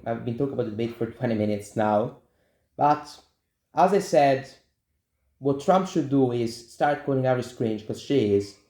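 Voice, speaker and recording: A man's voice: mid-range voice, warm tone, echoey room. A young man hosting his own show, giving blunt, repetitive political opinions and talking straight to viewers. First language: Italian. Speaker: show host. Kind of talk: casual political commentary.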